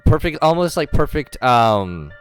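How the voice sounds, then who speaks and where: A man's voice: mid-range voice, sing-song, measured pace, smooth, faint music behind. A man running a tabletop game as dungeon master, rambling with lots of ums and self-corrections.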